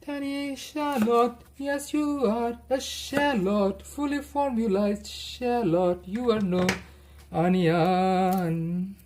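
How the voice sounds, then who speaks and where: A woman's voice: a little high, takes it slowly, darkish tone, a little hiss or hum. A woman hosting a cooking livestream, chatting playfully and chanting silly sing-song phrases as she cooks.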